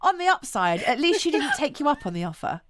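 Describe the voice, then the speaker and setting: A woman's voice: high voice, sing-song, quick pace, background noise. A woman co-hosting a podcast, chatting in an amused way. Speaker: podcast co-host. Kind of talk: casual podcast chat.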